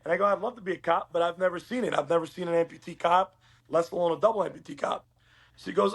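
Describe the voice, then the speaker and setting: Guest: middle-aged man from Uruguay, high voice, rapid lively storyteller. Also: breathy edge. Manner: animated, acts out quoted dialogue. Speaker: podcast guest. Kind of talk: casual storytelling interview.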